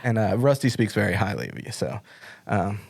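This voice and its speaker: A man's voice: lowish voice, sing-song, brisk, creaky, a little mellow. A middle-aged man hosting an interview, chatting casually and telling stories with lots of fillers and restarts. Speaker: podcast host.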